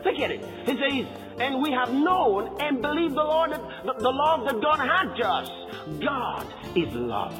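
A man preaching a sermon with great fervor, repeating words and shouting for emphasis. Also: extremely high pitch, big pitch swings, unhurried, in a large hall, over music.

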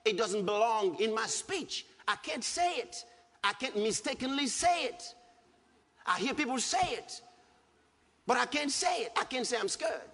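High, husky preacher man in a hall. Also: sing-song, a little slow, a bit bright. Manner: emphatic, repeats his points. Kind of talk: sermon. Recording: hall reverb with faint music.

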